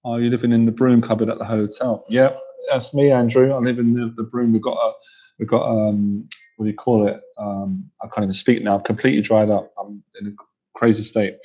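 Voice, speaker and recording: This man's voice sits on the low side, with a flat, slightly fast delivery, a breathy edge, and the highs cut off. A coach hosting a casual livestream, he reads viewer comments while sounding worn out and keeps cracking up laughing.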